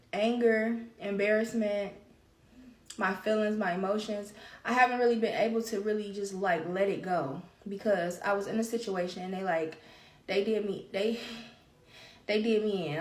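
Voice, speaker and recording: A woman's voice: mid-range voice, distant mic. A woman hosting her own podcast, talking candidly and at length about her feelings, repeating phrases for emphasis. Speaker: podcast host. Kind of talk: solo confessional podcast talk. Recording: roomy echo.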